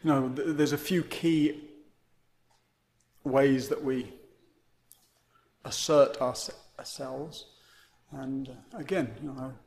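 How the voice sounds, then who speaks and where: A man's voice: medium pitch, fairly even intonation, slow pace, gravelly, long pauses, darkish tone. A man giving a meandering, reflective dharma talk as a meditation teacher, often checking in with "right?". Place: meditation center.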